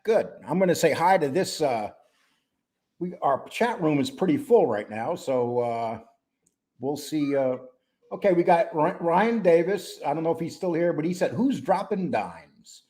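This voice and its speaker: A man hosting a casual live-stream show, greeting chat viewers by name in a relaxed, rambling way. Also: a little high, normal speed. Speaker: host.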